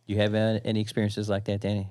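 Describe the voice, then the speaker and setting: A very deep-voiced man hosts a casual chat, relaxed and quick to laugh along. His questions come through a dry, close mic with no room sound. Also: dry recording. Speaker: podcast host.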